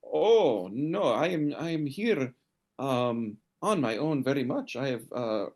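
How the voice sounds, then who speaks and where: A man voicing an earnest foreign woman who searches for her lost brother, speaking broken English with many pauses. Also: medium pitch, animated, a little mellow. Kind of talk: game master voicing a character.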